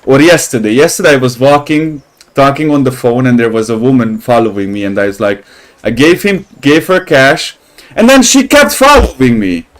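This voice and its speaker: A man giving casual gameplay commentary, rambling and swearing, who gets animated when he tells stories. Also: mid-range voice, moderate pace. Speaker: gaming channel host.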